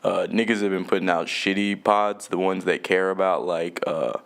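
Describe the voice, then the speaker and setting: A man's voice: deep voice, steady tone, moderate pace, creaky, fairly bright tone. A young man from Jamaica hosting a solo podcast. He rambles loosely and swears a lot, laughs often and trails off mid-thought. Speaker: podcast host.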